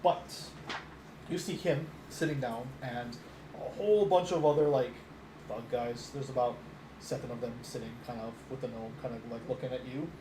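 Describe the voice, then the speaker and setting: A man's voice: mid-range voice, normal speed. A man narrating as game master of a tabletop game, rambling and filling his descriptions with "like". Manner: rambling, many fillers, laughs at own descriptions. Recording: echoey room with background noise.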